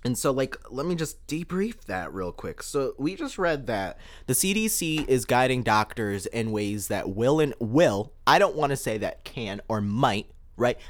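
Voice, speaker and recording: Excitable, animated male podcast host. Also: mid-range voice. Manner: excitable, emphatic, repeats words for effect. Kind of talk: solo podcast commentary. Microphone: podcast microphone.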